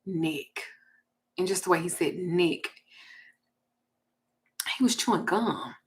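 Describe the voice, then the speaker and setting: A woman with a Southern US accent hosting a casual livestream, telling a story and reading viewer comments in a blunt, profane, animated way. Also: on the low side, slow pace. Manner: blunt, profane, animated, with sudden loud jumps.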